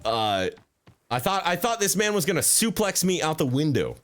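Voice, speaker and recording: A man streaming a video game, joking, swearing and talking to his chat with sudden jumps in pitch. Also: sing-song, moderate pace, fairly bright tone. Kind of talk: casual gaming commentary. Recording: faint background game music.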